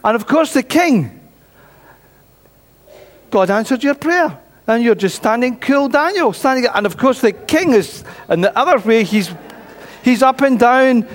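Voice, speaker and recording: A man telling a Bible story to a church congregation in an animated storytelling way. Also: extremely high pitch, moderate pace. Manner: animated storytelling, voices characters. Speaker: preacher. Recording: reverberant church hall.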